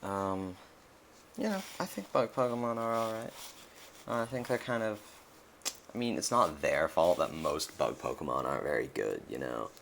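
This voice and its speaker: Brief: young male let's-player, very deep, gravelly fry, rambling casual commentary, faint hiss behind. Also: animated, moderate pace, a bit bright. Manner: rambling, many fillers and restarts.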